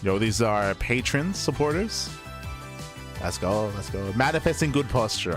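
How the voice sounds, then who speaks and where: A man with a hoarse, strained voice from recent voice loss wraps up an esports broadcast as caster in a rambling, self-correcting, apologetic way. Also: medium pitch, big pitch swings, normal speed, over music. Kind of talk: casual stream wrap-up.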